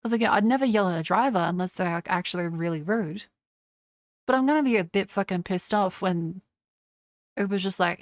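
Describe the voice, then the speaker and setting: A woman's voice: medium pitch, a little fast, slight background noise. A young woman streamer in casual livestream chat, ranting with a lot of swearing and mocking others in put-on voices. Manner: profane, ranting.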